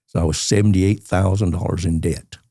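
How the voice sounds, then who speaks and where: Gravelly old Southern man spinning yarns. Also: deep voice, fairly even intonation, a little fast, dark tone, no echo, clean studio sound. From Georgia, USA. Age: 80s. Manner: colorful rambling storyteller, laughs as he tells it. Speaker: podcast guest. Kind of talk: storytelling interview.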